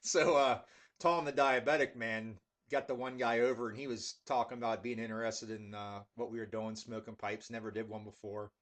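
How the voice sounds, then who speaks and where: A man telling casual stories with many fillers, then reviewing a pipe tobacco in a relaxed, rambling way. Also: mid-range voice, moderate pace. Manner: laid-back rambling with fillers.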